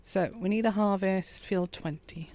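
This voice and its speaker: Calm woman streaming a game, soft and easygoing, a touch of vocal fry. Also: mid-range voice, unhurried. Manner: quiet, relaxed, chats with viewers. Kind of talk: calm gameplay commentary.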